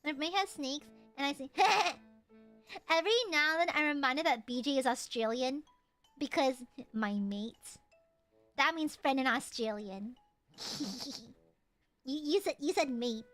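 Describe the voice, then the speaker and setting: A woman streamer in casual chat with her viewers, playful and teasing, jumping from loud squeals to low mutters. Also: unhurried, soft background music.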